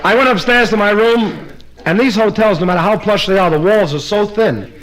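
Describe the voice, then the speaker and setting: Stand-up comedian, man with a high voice, brisk punchline-driven delivery at a live party. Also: low-quality recording. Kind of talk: live stand-up joke telling.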